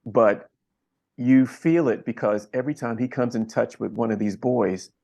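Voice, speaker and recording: Gravelly, husky-voiced man telling a story. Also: medium pitch, dark tone. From Philadelphia, USA. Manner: earnest, reflective, pausing often with fillers. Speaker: camera operator guest. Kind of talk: conversational interview storytelling.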